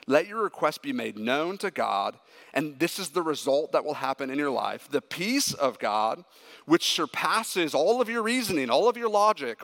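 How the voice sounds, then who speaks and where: A man preaching a sermon as a pastor, emphatic and animated when he tells stories. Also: fairly high pitch. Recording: echoey hall with long reverb.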